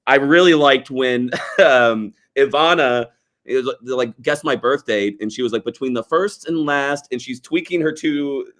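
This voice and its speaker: Male podcast co-host, casual, rambling, quick to laugh. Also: mid-range voice, a bit bright. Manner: laid-back, rambling, laughs often. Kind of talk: casual chat.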